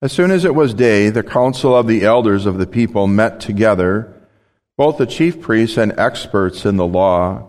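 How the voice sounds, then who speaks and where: Male pastor reading the Passion, measured and prayerful, low voice, reverberant church. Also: animated, darkish tone. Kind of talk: scripture reading in a service.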